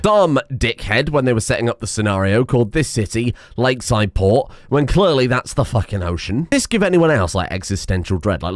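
Animated, sarcastic man with a dry close mic. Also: on the low side, no room sound. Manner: animated, sarcastic, swears, frequent laughter. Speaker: gaming video creator. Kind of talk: casual gameplay commentary.

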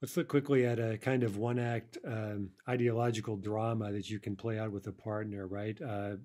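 A man's voice: fairly low pitch, fairly even intonation, moderate pace, dark tone. A man teaching a recorded language lesson, explaining examples step by step and often checking in with "right?".

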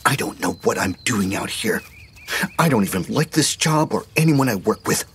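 A man's voice: lowish voice, expressive, normal speed, fairly bright tone, a little hiss or hum, voice pushed up. A man voicing a whiny young woman who grumbles to herself in an audio drama. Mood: complaining.

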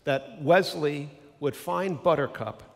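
A man's voice: on the high side, takes it slowly, creaky, big-room sound. A male pastor giving a sermon in an earnest, conversational storytelling manner.

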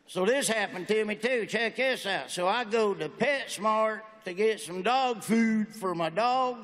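A man's voice: high voice, a little slow, few pauses, fairly bright tone. A man in his forties doing a stand-up comedy routine with folksy, punchy joke delivery in a large auditorium. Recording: echoey hall with faint noise.

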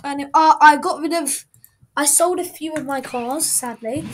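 A woman's voice: high-pitched, moderate pace, long pauses. A young woman casually commenting on her gameplay, rambling, giggling and getting flustered. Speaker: gaming channel host. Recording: loud background noise.

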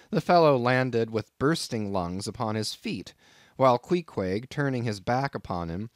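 A man's voice: mid-range voice, dry recording, studio quality. Man narrating a classic sea tale. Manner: measured, dramatic storytelling. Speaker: audiobook narrator. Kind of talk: scripted narration.

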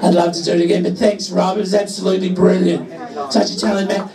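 A man's voice: high voice, little pitch movement, quick pace. A drag queen comedian, telling camp, bawdy, swearing jokes on stage. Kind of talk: live stand-up banter. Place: licensed music venue, on stage. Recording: roomy live venue, mic far off, crowd noise.

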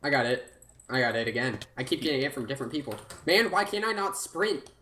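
A man chatting casually while gaming, giggly, excitable and teasing. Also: mid-range voice, quick pace, slight background noise. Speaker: gaming guest.

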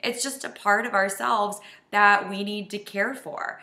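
Earnest bright-voiced woman vlogging. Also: mid-range voice, fairly even intonation, unhurried, reverberant. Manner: earnest, heartfelt and emotional. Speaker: life coach. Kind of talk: confessional self-help vlog.

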